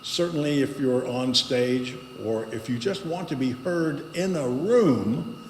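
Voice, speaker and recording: A man leads a congregation through a voice exercise at an unhurried pace, leaving pauses between his instructions. His mid-range voice rings through a roomy hall with a long reverb tail, and steady background noise sits under it. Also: medium pitch. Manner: slow, guiding instructions with pauses. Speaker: guest speaker leading a voice exercise. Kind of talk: speaking to a congregation. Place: spiritual center meeting hall.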